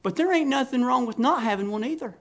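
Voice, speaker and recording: A middle-aged man preaching a sermon in a folksy, emphatic way that rises to fervent shouting. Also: very high voice, expressive, quick pace, creaky.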